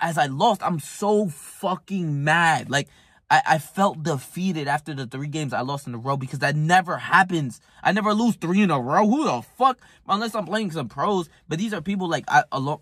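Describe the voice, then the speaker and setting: A man's voice: fairly high pitch, fairly bright tone, husky, dry recording. A man telling a rambling, profane story in casual chat, heated and full of fillers. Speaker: self-improvement vlogger.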